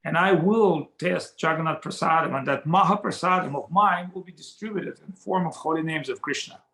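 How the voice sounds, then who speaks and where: A man voicing a gentle, gracious male god in a told story, explaining kindly. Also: on the high side, fairly quick. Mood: revealing. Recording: echoey room over a video call.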